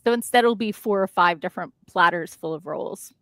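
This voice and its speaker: A stream co-host chats away at her home living room desk during a co-working livestream, reading out viewer comments and often restarting her sentences. Her voice sits fairly low and moves briskly, picked up dry with no echo on a home mic.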